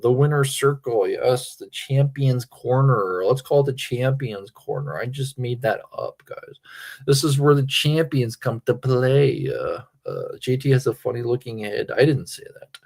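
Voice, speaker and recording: Tipsy streamer, a man of middling pitch who wanders off topic and swears freely. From Pennsylvania. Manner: meandering, crude, self-interrupting. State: tipsy from drinking. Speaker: livestreamer. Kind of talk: rambling casual livestream chat.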